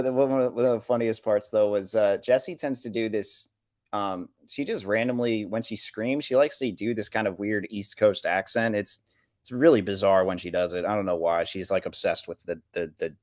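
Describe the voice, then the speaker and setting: On a casual sports podcast, a male co-host rambles through stories packed with fillers and frequent laughter. His voice is fairly low and moderately paced, recorded with studio quality and no room sound.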